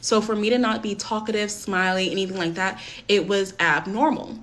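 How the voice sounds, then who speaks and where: A woman's voice: medium pitch, steady tone, moderate pace, a bit bright. A young woman telling a personal story in a casual, candid way, with frequent swearing and filler words.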